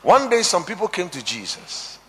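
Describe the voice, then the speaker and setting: A high-pitched man preaches with a wildly animated voice, swinging from shouts down to near-whispers as he quotes scripture. His sermon rings with a long reverb, as in a large hall. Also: normal speed. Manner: preaching with sudden shouts and quiet drops, quoting scripture.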